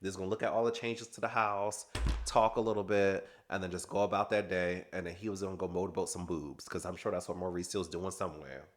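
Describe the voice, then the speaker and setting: A man's voice: deep voice, fairly even intonation, a little fast. A man chatting casually and gossiping through a reality TV recap, laughing often. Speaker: recap vlogger.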